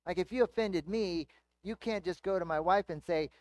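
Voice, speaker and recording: A man's voice: high voice, normal speed, a little mellow, dry recording. Man preaching a conversational sermon. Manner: conversational teaching with rhetorical questions. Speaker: pastor.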